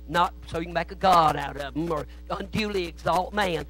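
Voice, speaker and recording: High bright preacher, story-telling. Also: male voice, normal speed, rough recording. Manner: storytelling preacher who shifts between hushed asides and loud shouting. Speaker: guest preacher. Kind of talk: sermon. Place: church sanctuary.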